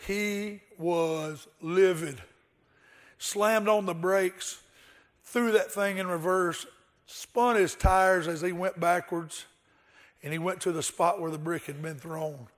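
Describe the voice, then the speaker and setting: A man's voice: sits high, fairly even intonation, slow pace. A male pastor delivering an earnest sermon, with rhetorical questions and a told story.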